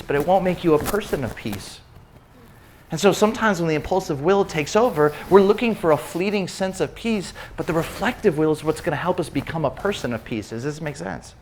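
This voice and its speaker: A man giving an animated, storytelling sermon talk, often repeating words as he starts sentences. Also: fairly high pitch, normal speed, slight background noise. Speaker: speaker at a faith session.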